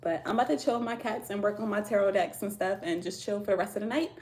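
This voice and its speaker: A woman's voice: mid-range voice, fast, darkish tone, slight background noise. An American woman hosting a casual tarot livestream from home, chatting with viewers in loose slangy talk and laughing often. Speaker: tarot reader livestream host.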